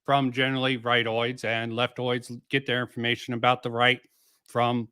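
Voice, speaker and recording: A man debating in a measured, hesitant way, often conceding a point before pushing back. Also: medium pitch, monotone, sharp tone, clear, resonant tone, no echo, clean studio sound. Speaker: channel host. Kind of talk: debate, casual discussion.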